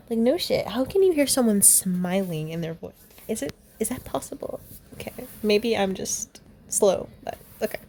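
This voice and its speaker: A woman's voice: medium pitch, dark tone, slight background noise. A young woman reading a fan story aloud, voicing the characters in her own voice and laughing and commenting along the way. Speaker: fan fiction reader.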